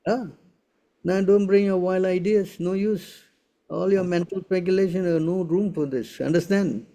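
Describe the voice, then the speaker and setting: A man's voice: high voice, fairly even intonation, moderate pace, warm tone. A man acting as spiritual teacher in a Q&A session, speaking emphatically and keeping checking his listeners follow with short tag questions.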